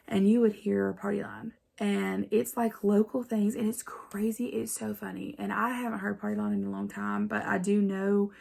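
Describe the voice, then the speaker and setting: Gravelly Appalachian woman vlogger. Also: mid-range voice, darkish tone. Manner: rambling, chatty, many fillers. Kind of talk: casual storytelling to camera.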